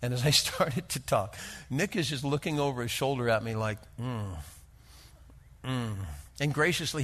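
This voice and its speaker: A man preaching a sermon and telling personal stories, swinging from hushed, intimate lines to rising, emphatic ones. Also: mid-range voice. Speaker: pastor.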